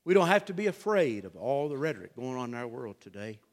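A middle-aged man preaching a sermon, dropping to a hush and climbing to shouts in a folksy drawl. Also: mid-range voice, very animated, fast talker, big-room sound. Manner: swings from hushed to shouting, drawling folksy delivery. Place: church.

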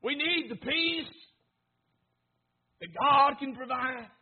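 A man preaching a sermon with fervent, rhythmic repetition, swinging between hushed lines and shouts. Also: very high voice, slow, narrow, tinny audio. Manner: rhythmic repetition, asks congregation to repeat.

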